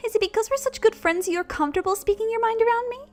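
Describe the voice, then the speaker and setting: A woman playing a bubbly, high-voiced young woman. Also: quick pace, soft background music. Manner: high, bright and gushing. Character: bubbly, cheerful young woman, open and excitable.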